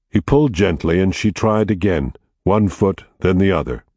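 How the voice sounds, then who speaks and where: A man with a very low voice reads a story aloud in a measured, steady way. His tone moves a lot, and the sound is dry and close, with no room in it. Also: slightly rough, no room sound. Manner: measured, steady, quietly dramatic. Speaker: narrator. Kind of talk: audiobook narration.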